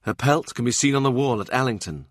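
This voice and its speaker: Male narrator, historical audiobook, very lively pitch, dry close recording. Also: fast, dry recording. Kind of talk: scripted narration.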